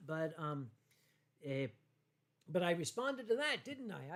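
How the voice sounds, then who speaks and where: A tipsy man hosting a casual livestream from home, rambling and halting through viewer comments with many fillers and restarts. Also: a little high, very animated, a bit bright. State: tipsy from wine. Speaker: livestream host.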